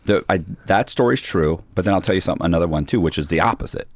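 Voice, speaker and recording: A man's voice: low voice, very fast. A man, a podcast guest, telling a long story in a casual interview and acting out the dialogue of the people in it.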